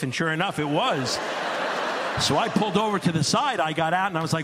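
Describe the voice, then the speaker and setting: A man in his forties performing a stand-up comedy set, telling stories deadpan and building to loud absurd bits. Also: on the high side, fast, a little hiss or hum.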